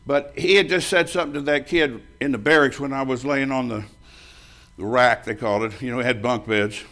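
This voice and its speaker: A man's voice: mid-range voice, a little fast, pushed and bright. A man in his seventies preaching a sermon, telling a personal story in a folksy, emphatic way and laughing often as he talks.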